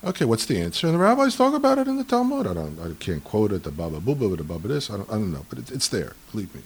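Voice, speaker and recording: A man talking in a lively, argumentative way about tradition, acting out the voices in the stories he tells. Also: fairly low pitch, very fast, slightly rough. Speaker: speaker on Jewish tradition. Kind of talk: animated conversational storytelling.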